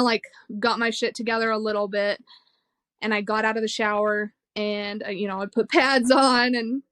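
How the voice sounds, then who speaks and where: A woman's voice: fairly high pitch, fairly bright tone, no echo. A young woman, a podcast guest, telling a personal story in a frank, emotional way, swearing freely and laughing between hard moments. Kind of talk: candid conversational storytelling.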